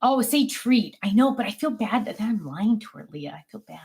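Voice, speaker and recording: A woman's voice: expressive, moderate pace, creaky, darkish tone. A middle-aged woman casually chatting on a home craft livestream, reading viewer comments and rambling with many ums. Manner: calls out to her dogs in a high sing-song voice. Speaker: livestream host of a craft channel. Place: home office.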